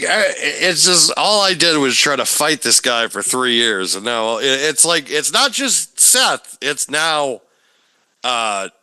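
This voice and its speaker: A man with a fairly high, pushed, bright voice that is clear and resonant co-hosts a casual wrestling podcast. He rants in exasperation and swears freely.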